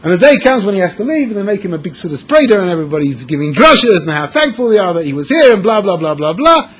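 A man's voice: high voice, sing-song, fast talker, husky. A man telling a dramatic story as a sermon to a room of young men, repeating words for emphasis. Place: room with an audience.

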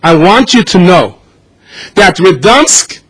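A man voicing a cruel male officer who taunts a prisoner, slow and emphatic. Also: high voice, big pitch swings, a bit bright, breathy edge, pitched above the performer's own voice, heavily acted. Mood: cold taunting.

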